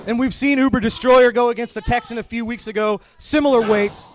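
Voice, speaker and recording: A man calling a wrestling match play-by-play, excited and often shouting his calls. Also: very high-pitched, a little fast, slight background noise. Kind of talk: live wrestling commentary.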